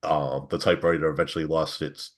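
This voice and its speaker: A man's voice: rumbling low, flat delivery, fast. A man talking casually in a book club discussion, hesitant and full of restarts. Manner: hesitant, many fillers and restarts, laughs.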